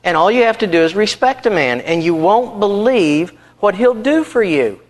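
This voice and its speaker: Animated, earnest male preacher. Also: high-pitched, moderate pace. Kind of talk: sermon.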